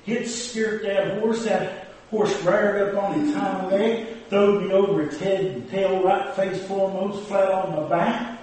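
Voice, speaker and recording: Preacher comic, folksy drawl, high voice, echoey hall, mic far off. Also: male voice, fairly even intonation, measured pace, darkish tone. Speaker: preacher character.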